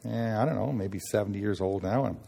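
A man from Nova Scotia with a Nova Scotian accent, giving a folksy talk at a chapel, halting and full of restarts as he tells stories. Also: fairly low pitch, vocal fry, dark tone, big-room sound. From Nova Scotia, Canada. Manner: homespun, halting, with many restarts and acted-out dialogue. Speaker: sailors' gospel worker speaking at a chapel.

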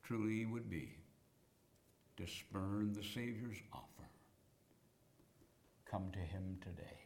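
Male preacher, low voice, unhurried sermon delivery with dramatic loud and hushed moments. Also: vocal fry, slight background noise. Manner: slow, dramatic preaching with sudden loud cries and hushed whispers.

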